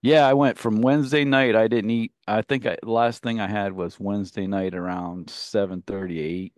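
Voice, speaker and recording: Male radio co-host, low and dry, loose rambling storyteller who laughs at himself. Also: steady tone, normal speed, no room sound. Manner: rambling anecdotal storyteller, laughs at his own stories. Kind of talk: casual radio banter.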